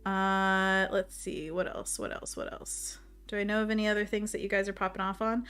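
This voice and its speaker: Female stream host, mid-pitched, casual and chatty, talks to herself as she paints. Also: level tone, brisk, a bit bright, smooth. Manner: chatty, reads chat aloud, laughs often; talks to herself while working. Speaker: livestream host painting envelopes. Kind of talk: casual livestream chat while painting.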